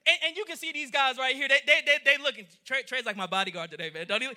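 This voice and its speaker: High, bright-voiced preacher man. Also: quick pace. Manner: animated, acts out the story in voices, calls to the congregation. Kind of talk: sermon. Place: church in front of a congregation.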